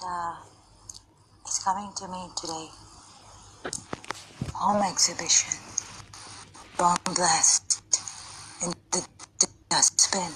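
Woman, low voice, slow pace, hesitant, halting monologue, frequent pauses. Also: steady tone, background noise. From Pakistan. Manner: hesitant, many pauses and apologies, trails off. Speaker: vlogger recounting memories.

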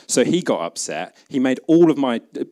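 At a conference event, a man with a British accent gives a humorous talk, chatty and full of jokes, acting out snippets of imagined dialogue. His voice is medium-pitched, sing-song and mellow, at a moderate pace.

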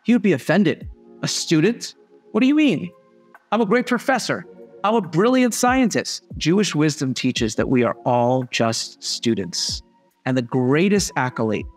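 A man hosting a podcast, giving a reflective spoken lesson in an earnest, measured tone. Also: on the high side. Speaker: podcast host and father.

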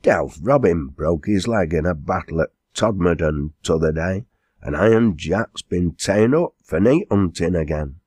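A sturdy, hurried quarryman played by a man with a broad Lancashire dialect. He talks bluntly in a low voice. The sound is dry and close. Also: expressive, a little mellow, slightly rough, no echo, heavily acted.

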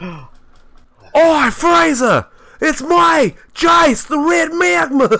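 A man putting on an Australian accent to play a brash, crude space mercenary in a VR game, shouting a lot. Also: very high voice, vocal fry, exaggerated voice. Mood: excited. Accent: put-on Australian. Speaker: streamer. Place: online voice chat in a VR game.

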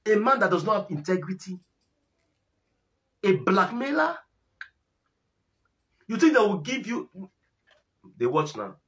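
A man's voice: high-pitched, big pitch swings, a little slow, long pauses, fairly bright tone. A young Nigerian man giving mocking commentary on a video, laughing and repeating himself as he teases. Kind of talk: mocking commentary in Pidgin and English.

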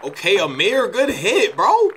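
A man doing casual, excitable commentary over a baseball video game, swearing and trash-talking his own players. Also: sits high, a little slow, breathy edge, some chatter behind. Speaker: gaming YouTuber.

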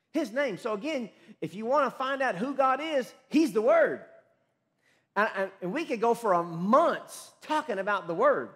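A man pastor preaching a sermon, quoting scripture rapidly, calling on the congregation to repeat after him, and breaking into excited shouts. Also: high-pitched. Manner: emphatic preaching with rapid scripture quotes and call-and-response.

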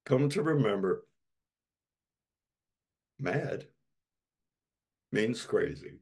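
Male pastor, husky, lively pitch swings; slow, emphatic sermon delivery. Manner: slow, emphatic preaching with dramatic repetition.

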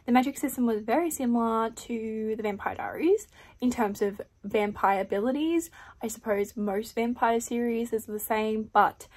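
Chatty woman, slightly high voice. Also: normal speed, a little mellow. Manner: chatty, candid, peppered with "like" and "I don't know". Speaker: book vlogger. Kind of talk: casual reading vlog chat.

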